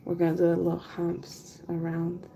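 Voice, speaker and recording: A woman chatting casually during a henna livestream, relaxed and chatty, trailing off as she concentrates and laughing often. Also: lowish voice, moderate pace, gravelly, low-quality recording. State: has the hiccups. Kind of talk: casual chat while working.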